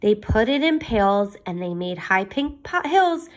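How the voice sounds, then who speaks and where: A woman reading a rhyming children's picture book aloud in an expressive, sing-song manner. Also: medium pitch, unhurried. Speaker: reader.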